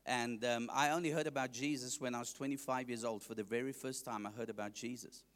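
A man's voice: medium pitch, steady tone, fast, a bit bright, in a large hall. A man with a South African accent, an evangelist preaching his testimony to a congregation, joking and asking the listeners questions.

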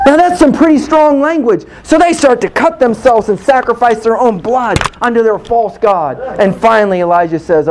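A man preaching fervently, dropping his voice low to act out quoted speakers. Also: moderate pace, few pauses, background noise. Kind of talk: impassioned preaching.

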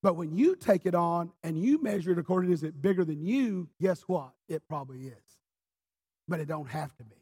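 Impassioned, husky-voiced preacher. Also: male voice, high voice, lively intonation, brisk. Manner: impassioned storyteller, swinging from quiet to shouting. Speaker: pastor. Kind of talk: sermon. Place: church.

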